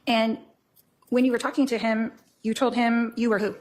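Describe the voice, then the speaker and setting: A woman cross-examining a witness in court with brisk, pointed questions. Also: on the high side, flat delivery, darkish tone.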